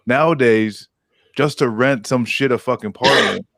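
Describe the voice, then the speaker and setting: A man's voice: mid-range voice, normal speed, vocal fry, fairly bright tone, dry recording, studio quality. A young adult man in casual chat, rambling with lots of fillers and swearing.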